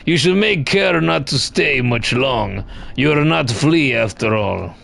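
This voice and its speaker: A man's voice: on the high side, animated, measured pace. Man doing a jolly flea with a fake Russian accent. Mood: hospitable. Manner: put-on Russian accent with broken grammar; hearty mock laugh. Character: jolly, teasing flea from a traveling caravan. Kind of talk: reading game dialogue aloud.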